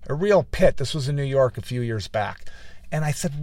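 A man's voice: mid-range voice, animated, moderate pace, dry recording. A man hosting a motivational podcast, telling business stories in a rambling, folksy way with many restarts and repeated words. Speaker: motivational speaker and podcast host. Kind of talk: casual motivational talk.

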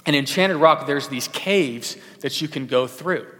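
A man's voice: on the high side, moderate pace, bright, forceful tone. Man preaching in a reverberant hall. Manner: conversational, many fillers and restarts. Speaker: pastor. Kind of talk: sermon.

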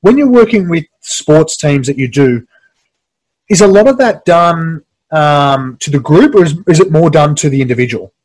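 Host with a slightly higher voice. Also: male voice, animated, a little mellow, rough recording. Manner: halting, many restarts. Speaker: podcast host. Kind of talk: casual interview.

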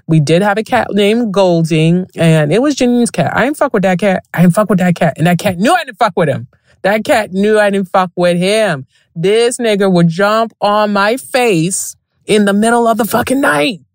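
A woman's voice: low-pitched, darkish tone, no echo, clean studio sound. A woman hosting a podcast, telling stories in a frank, profane, casual way and laughing often. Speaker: podcast host. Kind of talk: casual storytelling monologue.

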